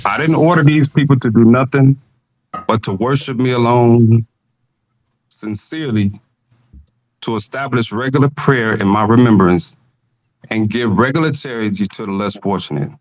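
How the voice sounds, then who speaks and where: A man calling in to a podcast, lecturing slowly and asking for patience as he builds his point. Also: mid-range voice, dry recording, low-quality recording. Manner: slow, lecturing, stalls for time. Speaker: caller. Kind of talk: preaching argument on a call.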